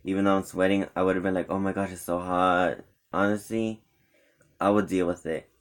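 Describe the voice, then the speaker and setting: Low-voiced young man rambling a story. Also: normal speed. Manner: rambling, animated retelling with quoted friends. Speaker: vlogger. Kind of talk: casual storytelling vlog.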